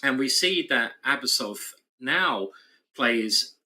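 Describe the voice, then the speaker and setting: A man's voice: medium pitch, expressive, takes it slowly, pushed and bright, rough recording. A man giving live chess commentary, thinking aloud through the moves with an analytical, playful manner.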